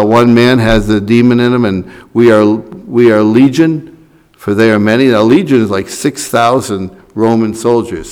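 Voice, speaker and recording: A man's voice: medium pitch, rough recording. A man preaching a sermon, reading scripture and then explaining it in a loose, conversational way with asides and restarts.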